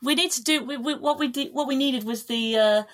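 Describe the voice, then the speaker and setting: A woman guest on a podcast, chatting casually in a lively, animated way with frequent restarts. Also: high-pitched, brisk. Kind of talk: casual chat.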